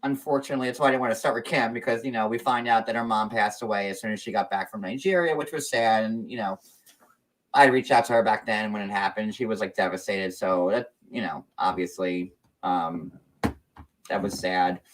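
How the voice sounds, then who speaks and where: A man's voice: fairly low pitch, fairly even intonation, a little fast, far from the mic. A man hosting a casual gossip livestream, talking in a chatty, meandering way with lots of fillers. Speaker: show host.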